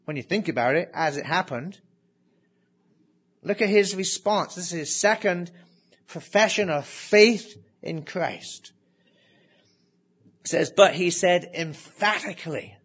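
A man delivering a sermon in a slightly high voice. He talks in an animated way, asks his listeners rhetorical questions, and sinks to a near hush to stress key words. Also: takes it slowly, pauses often, breathy edge. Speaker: preacher.

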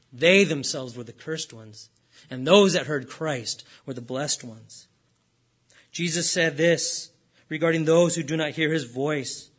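Earnest male preacher, rather high. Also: slightly rough. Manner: earnest preaching, rising for emphasis then dropping low and slow. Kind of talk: sermon.

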